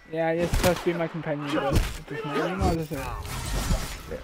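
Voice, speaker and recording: A man streaming a video game live, commenting as he plays, with loud excited outbursts and swearing. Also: on the high side, fairly quick. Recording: game music behind. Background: game music.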